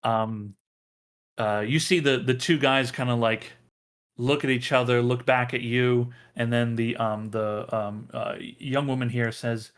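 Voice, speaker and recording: Halting game master. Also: male voice, mid-range voice, fairly even intonation, smooth. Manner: halting, with many filler sounds. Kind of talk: narrating a tabletop game.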